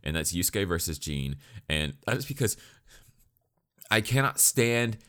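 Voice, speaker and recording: A man's voice: low-pitched, sing-song, a little slow, bright, forceful tone. A young man giving a blunt, profane, sarcastic anime review in casual ranting commentary.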